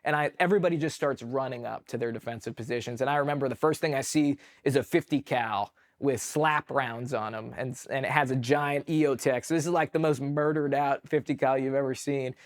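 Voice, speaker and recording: A man's voice: mid-range voice, brisk, few pauses. A man from the United States, a veteran guest on a podcast, telling war stories in a loose, rambling way full of "like" and restarts. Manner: rambling, filler-heavy, lots of "like". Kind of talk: casual war storytelling.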